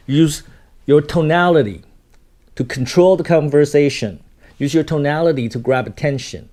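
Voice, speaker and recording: A man giving self-help tips to camera in a casual, profane way, full of "you know" and "right?", jumping from loud emphatic bursts to a low, calm voice. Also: normal speed. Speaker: self-help video host. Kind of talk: casual motivational talk to camera.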